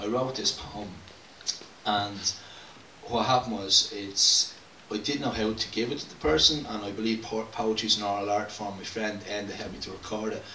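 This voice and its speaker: A young man with a fairly low voice talks to a small live crowd between poems, halting and casual with plenty of fillers. He sounds distant from the mic. The room rings with echo, and a faint hiss sits underneath. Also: bright, forceful tone. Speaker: performing poet. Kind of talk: poetry slam performance and chat with the audience. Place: small live venue with an audience.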